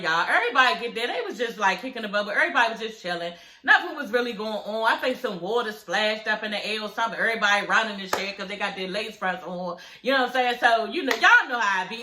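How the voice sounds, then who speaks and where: Bright, animated woman recapping reality TV. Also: a little high, reverberant, low-quality recording. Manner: animated, profane, talks straight to viewers as y'all. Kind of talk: casual episode recap.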